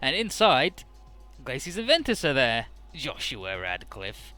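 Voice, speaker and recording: A man's voice: medium pitch, huge pitch swings, measured pace, pushed and bright, soft background music. A man casually recapping a game story as a let's play host, irreverent, swearing, with many fillers.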